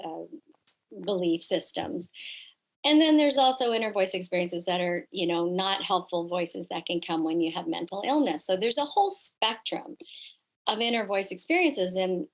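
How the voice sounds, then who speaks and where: A middle-aged woman telling personal stories in an earnest, reflective way, often pausing on fillers as a guest in a conversation. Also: mid-range voice, poor audio.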